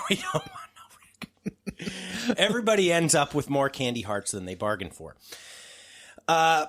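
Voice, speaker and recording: A man's voice: mid-range voice, fairly bright tone. A man hosting a podcast in casual chat, loose and joking, with lots of fillers. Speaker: podcast host.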